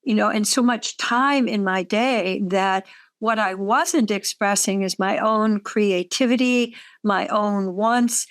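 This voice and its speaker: A woman hosting a reflective conversation, speaking thoughtfully and giving soft affirmations. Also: mid-range voice, slow, no room sound.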